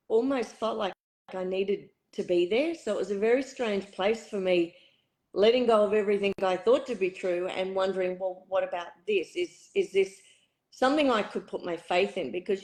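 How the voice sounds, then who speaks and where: A middle-aged woman with a hoarse, husky voice, a spiritual retreat facilitator telling her story candidly in an interview. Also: mid-range voice, normal speed, darkish tone, rough recording. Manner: candid, reflective, uses fillers. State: hoarse, croaky throat.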